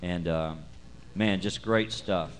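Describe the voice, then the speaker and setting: A man's voice: deep voice, slow, a little hiss or hum. A man emceeing a live music night on a bar stage, rambling and self-mocking through stage banter with chuckles. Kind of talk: casual joking stage banter.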